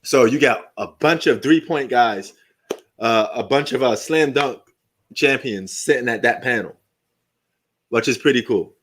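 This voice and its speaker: A middle-aged man hosts a live sports stream, talking casually and off the cuff in a middle-pitched voice at a slightly slow pace. He swears freely, jokes around, and drifts into fond memories.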